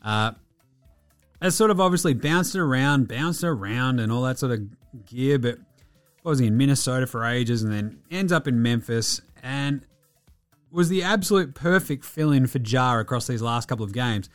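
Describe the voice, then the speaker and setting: A man's voice: mid-range voice, moderate pace, faint music behind. Blunt Australian man talking sport. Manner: blunt, excitable, swears freely. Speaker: podcast host. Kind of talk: casual sports podcast chat.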